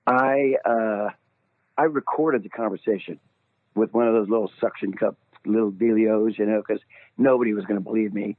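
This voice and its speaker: An older man, a singer calling in as a guest, telling a story in an animated way, laughing often and jumping up high when he quotes himself. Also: normal speed, dry recording. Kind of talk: casual phone interview storytelling. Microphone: phone call. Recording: tinny phone line, dry.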